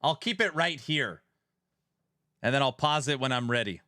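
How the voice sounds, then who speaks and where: Bright-voiced man bantering with chat. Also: mid-range voice, lively intonation, normal speed, no echo, studio quality. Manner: bantering with chat, reading questions aloud; sometimes raises his voice. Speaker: streamer hosting a gaming podcast. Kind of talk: casual live-stream chat. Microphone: headset mic.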